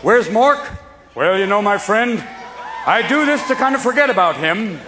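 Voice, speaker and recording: A man performing a live stand-up comedy set, rapid and manic, jumping between voices. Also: high-pitched, lively intonation. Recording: live club recording with crowd laughter and noise.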